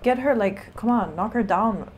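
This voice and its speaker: A woman's voice: medium pitch, normal speed, a little hiss or hum. A woman streamer giving casual, chatty commentary while she plays a game, swearing freely and talking to things on the screen.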